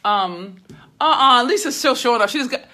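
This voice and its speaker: Woman host, casual livestream patter, bright and forceful tone, phone mic at arm's length. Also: on the high side, expressive, fairly quick. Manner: chatty, fussy, laughing, talks to viewers by name. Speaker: business mentor hosting a livestream. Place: hotel suite. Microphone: phone held at arm's length.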